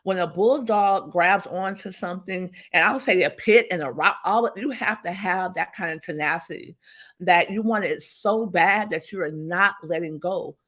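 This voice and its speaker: Woman being interviewed, bright punchy voice, really emphatic, acts out stories. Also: on the low side, normal speed. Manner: emphatic, storytelling, acts out quoted exchanges. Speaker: interview guest, business coach. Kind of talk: animated interview conversation.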